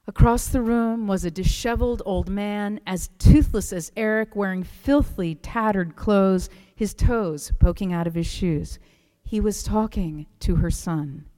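A woman preacher giving a sermon, telling a story in a soft, hushed manner that drops to a whisper. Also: medium pitch, a little slow, few pauses, long reverb tail. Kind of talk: sermon with read-aloud story.

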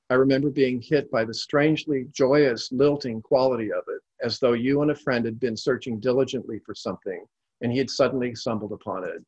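Calm male narrator reading stories, husky voice, dry close sound. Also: medium pitch, brisk, no room sound, highs cut off. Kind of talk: scripted storytelling narration.

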